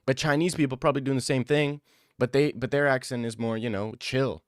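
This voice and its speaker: A man's voice: mid-range voice, steady tone, brisk, dry recording, clean studio sound. A young man chatting casually on a livestream, rambling and joking with slang. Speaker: streamer.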